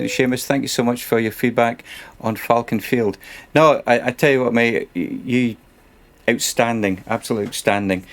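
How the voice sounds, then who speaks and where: A man's voice: medium pitch, a little hiss or hum. A man casually commenting while he plays a truck game on a stream, chatty and muttering to himself.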